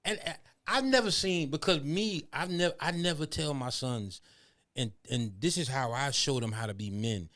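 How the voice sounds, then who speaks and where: A man's voice: on the high side, normal speed, fairly bright tone. A man in a casual heart-to-heart talk who preaches, asking questions and then answering them himself. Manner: preacher-like, asks and answers his own questions.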